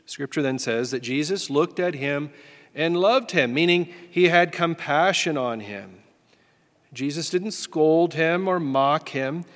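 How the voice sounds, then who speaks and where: A man's voice: fairly high pitch, takes it slowly, a bit bright, big-room sound. A man preaching a sermon as pastor, in a folksy, self-deprecating way.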